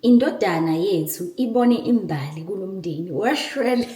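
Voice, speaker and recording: Excitable South African woman, echoey room. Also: mid-range voice, moderate pace. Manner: excitable and emotional, often laughing. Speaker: vlogger. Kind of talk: casual vlog, switching between English and isiZulu. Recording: echoey room, far from the mic.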